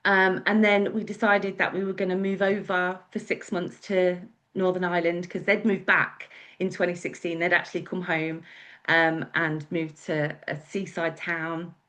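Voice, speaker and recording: A woman with an English accent and a voice on the low side recounts her life as a guest speaker, at normal speed with a level, slightly bright tone. The wedding celebrant's casual storytelling talk rambles chattily, full of fillers.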